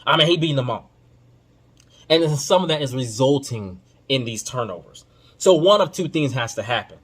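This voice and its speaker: A man hosting a podcast, giving casual basketball commentary in an emphatic, informal, slang-heavy way that swings between loud outbursts and low muttering. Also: lively intonation, normal speed, breathy edge. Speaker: podcast host.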